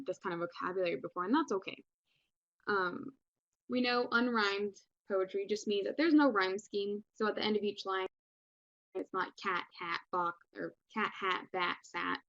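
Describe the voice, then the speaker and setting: A woman's voice: medium pitch, dry recording, muffled recording. A young woman teaching a recorded English lesson in a casual, chatty way, with many ums and restarts. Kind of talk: recorded online class lesson.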